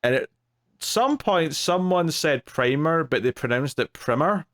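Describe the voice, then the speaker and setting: A man's voice: on the high side, sing-song, measured pace, a bit bright. A man co-hosting a comics podcast in casual chat, dry and blunt with mock outrage. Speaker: podcast co-host.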